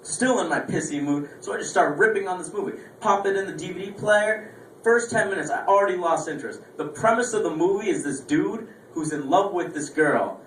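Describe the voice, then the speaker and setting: A man's voice: high-pitched, brisk, fairly bright tone, slight background noise. A young man doing stand-up comedy, telling rambling, profane stories about his week. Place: small lounge stage. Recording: echoey room, voice from far. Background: faint room ambience, audience laughter.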